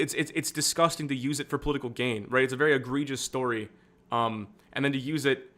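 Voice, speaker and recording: A young man talking through a live stream in a loose, rambling way, full of fillers and self-corrections. His voice sits at an everyday middle pitch. He sounds candid and a little self-deprecating. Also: a bit bright. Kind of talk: casual political commentary stream.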